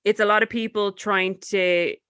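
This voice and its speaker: A woman's voice: medium pitch, steady tone, normal speed, fairly bright tone, smooth, no echo, clean studio sound. A young Irish woman co-hosting a podcast, talking in a blunt, emphatic and sweary way. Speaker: podcast co-host. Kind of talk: casual chat.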